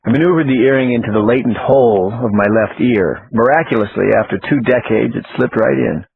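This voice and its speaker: A man narrating an audiobook in the first person, plain and steady. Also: mid-range voice, brisk, gravelly, few pauses, a little hiss or hum. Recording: tinny phone-like audio, faint music.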